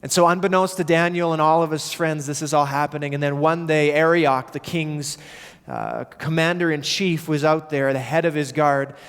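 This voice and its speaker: A man preaches a sermon, his voice a little higher than most men's. He tells the story vividly and acts out the quoted voices. The sound carries a long reverb from the church hall. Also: steady tone, normal speed, clean tone. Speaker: pastor.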